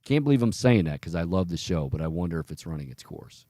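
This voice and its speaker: A man with a low, sing-song, mellow voice talks fast as he hosts a sports radio talk show from a studio. He rambles, airs strong opinions, and keeps cutting himself off mid-sentence. The recording is dry.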